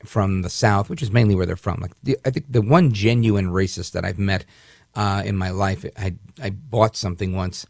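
A man's voice: low-pitched, fairly even intonation, moderate pace, gravelly, darkish tone, no echo, clean studio sound. A man hosting a syndicated talk radio show, delivering an indignant, rambling monologue with frequent restarts. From Puerto Rican heritage, raised in the northern US.

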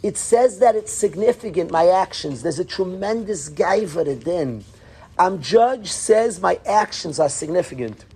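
Husky-voiced man teaching a Torah class. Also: high voice, lively intonation, a little slow, a little mellow. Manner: earnest, calls on students by name, drops into whispers. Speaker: yeshiva teacher.

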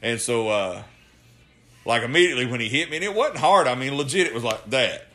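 A man's voice: medium pitch, expressive, brisk, sharp tone, faint music behind. A man, a podcast co-host telling a wrestling story in casual chat, profane and laughing often.

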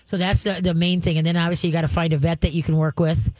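A chatty dog trainer coaching a caller through puppy training. The talk wanders and restarts, with playful dog talk and frequent laughs. The pitch sits in the middle range and the sound is close and dry, with no room echo. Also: little pitch movement, quick pace, darkish tone. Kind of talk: advice chat with a caller.

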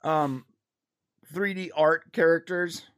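A man co-hosts a live pop culture show, chatting casually and animatedly, often restarting and laughing. His voice is a little high, and he speaks slowly.

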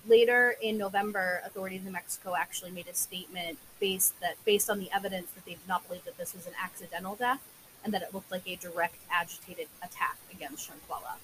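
A woman's voice: fairly low pitch, steady tone, quick pace, fairly bright tone, poor audio. Young woman, podcast co-host, casual true crime chat, lots of fillers, faint hiss. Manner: filler-heavy, recounting case details.

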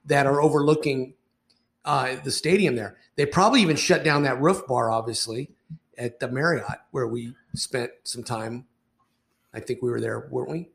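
A man's voice: medium pitch, normal speed, vocal fry, a bit bright. An older man co-hosting a sports podcast, telling easygoing anecdotes in casual chat.

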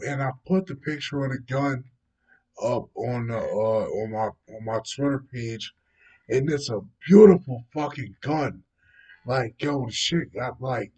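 Slow, cursing man, off-mic. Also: mid-range voice, darkish tone. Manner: dismissive, heavy swearing, rambling fillers like "yo" and "know what I mean". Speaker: host commenting on news stories. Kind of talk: casual profane commentary. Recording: voice distant from the mic.

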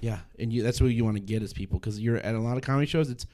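A man's voice: medium pitch, very fast, mellow. A young adult man, a stand-up comedian, talking casually in a podcast chat, rambling and restarting his sentences, swearing now and then.

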